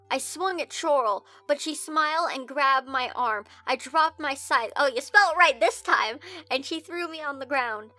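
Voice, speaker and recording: A young woman reading a fan story aloud and reacting with incredulous, swearing commentary, often breaking into high shrieks of confusion. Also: sharp tone.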